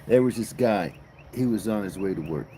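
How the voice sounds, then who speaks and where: A man's voice: on the low side, animated, moderate pace, dark tone, a little hiss or hum. A man hosting a casual livestream, chatting playfully and telling a long joke. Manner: playful storyteller. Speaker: livestream host.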